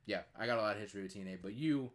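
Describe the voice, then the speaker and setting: Talking very fast in a fairly low voice, this podcast host in his twenties spins rambling, filler-heavy stories in a casual chat.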